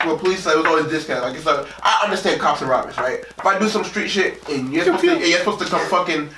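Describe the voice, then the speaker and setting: A man's voice: a little high, background noise. A man speaking frankly in casual podcast chat, full of fillers. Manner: quick, filler-heavy, frank talk. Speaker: podcast guest. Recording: roomy, distant mic.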